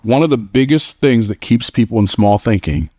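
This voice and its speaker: A man's voice: mid-range voice, expressive, normal speed, warm tone, no room sound, clean studio sound. A man giving a motivational speech to a live audience, telling stories in an emphatic, conversational way and laughing at his own lines. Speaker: motivational speaker.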